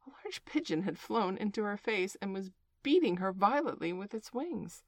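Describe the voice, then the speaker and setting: A woman narrating a storybook aloud in a clear, measured, expressive way. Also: mid-range voice, no echo.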